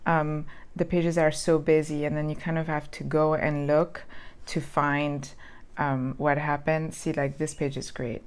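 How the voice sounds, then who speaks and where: Low-pitched lady vlogger, chatty planner flip-through, lots of ums. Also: level tone, normal speed, hardly any pauses, smooth. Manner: rambling, lots of ums and restarts. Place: lives in Southern California.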